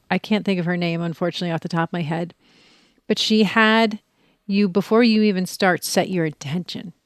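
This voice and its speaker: A woman in casual chat, telling a story with animated quoting, dropping to soft whispers and rising to excited outbursts. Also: lowish voice, dry recording, clean studio sound. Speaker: podcast guest sharing a retreat experience.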